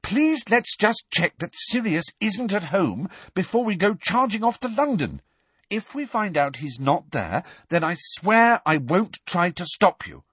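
Brief: man voicing an anxious, earnest teen girl, urgent, lively pitch, slightly husky. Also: a little slow, dry recording, exaggerated voice. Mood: desperate. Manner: urgent, pleading.

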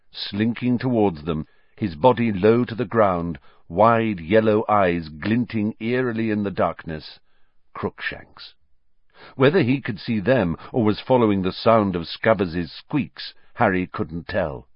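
A man narrating an audiobook in an expressive, dramatic storytelling manner. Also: fairly low pitch, no room sound. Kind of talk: scripted narration. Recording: dry, slightly dull lo-fi audio.

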